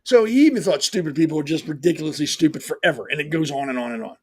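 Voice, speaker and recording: A man's voice: a little high, expressive, rapid-fire, breathy edge. A man hosting a talk show, delivering a blunt, profane, sarcastic opinion monologue. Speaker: host.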